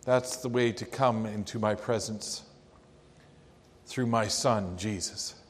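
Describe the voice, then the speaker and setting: Slow-spoken preacher in a reverberant hall. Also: male voice, lowish voice. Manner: slow, earnest, reflective delivery. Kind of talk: sermon.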